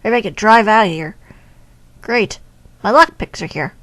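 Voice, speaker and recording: A woman's voice: medium pitch, animated, normal speed, a bit bright, no room sound. A woman casually commenting on a game as she plays it, chatty and wry. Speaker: game streamer.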